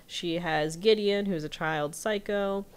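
A woman's voice: lowish voice, slow pace, clean tone. A woman co-hosting a podcast, animatedly retelling a cartoon episode and laughing often in casual chat. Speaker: podcast co-host.

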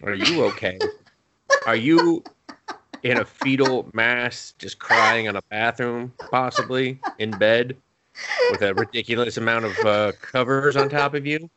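A young man co-hosting a casual podcast, swearing freely and acting out quotes in a higher voice. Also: fairly even intonation, a little slow, heavy background noise. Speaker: podcast co-host. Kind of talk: casual chat.

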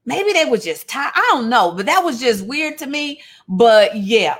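A woman giving a lively, conversational Bible lesson, calling out to her listeners. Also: fairly high pitch, measured pace, slightly rough. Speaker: Bible study teacher. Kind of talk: casual sermon-style Bible teaching.

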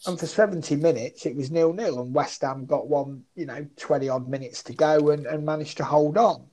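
A man's voice: fairly high pitch, a little fast, mellow, rough recording. A man chatting about football betting odds, thinking aloud and poking fun at his own past tips. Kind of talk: casual betting podcast chat.

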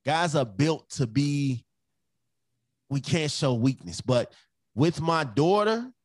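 A man's voice: a little high, expressive, slow, no room sound. A man co-hosting a casual podcast, talking emphatically about his family, repeating phrases and acting out his children's voices. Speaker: podcast co-host.

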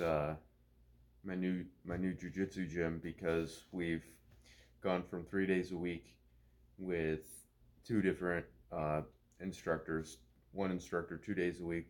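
A man co-hosting a podcast, speaking in a measured, reflective way in casual chat. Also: low-pitched. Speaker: podcast co-host.

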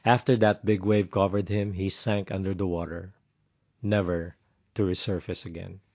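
Earnest low-voiced man narrating a sermon. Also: little pitch movement, normal speed, a little mellow, lo-fi sound. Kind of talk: devotional storytelling narration.

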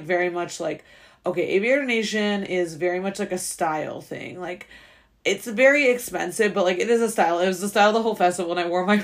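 Fast-talking chatty young woman. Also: lowish voice. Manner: rambling, chatty, filler-heavy, upbeat. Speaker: podcast host. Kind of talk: casual solo podcast chat.

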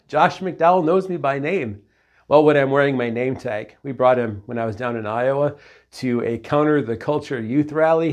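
A man preaching a sermon as a pastor, earnest and direct, asking his listeners questions and slipping in folksy asides. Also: mid-range voice.

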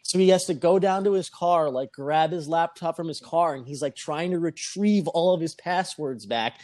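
A man's voice: on the high side, normal speed, no echo. A man telling a long anecdote in a casual podcast chat, swearing freely and acting out what other people said. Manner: profane, animated, acts out quoted voices.

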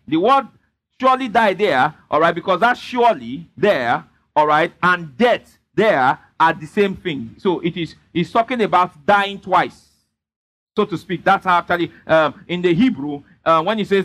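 A man preaches with a high-pitched voice. He leans hard on his points and keeps pressing the congregation to answer him back. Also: animated, normal speed, pushed and bright. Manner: emphatic, repeatedly prompting the congregation. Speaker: pastor. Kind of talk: sermon with call-and-response.

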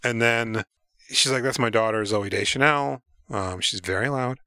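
A man's voice: mid-range voice, moderate pace, pushed and bright, no echo, clean studio sound. A man in casual movie-podcast chat, retelling scenes and acting out the characters' lines in an offhand, profane way. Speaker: podcast co-host.

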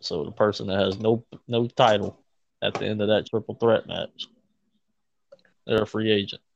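A man in casual chat about wrestling, excitable, laughing often and swearing freely. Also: fairly low pitch, moderate pace, vocal fry, lo-fi sound, a little hiss or hum.

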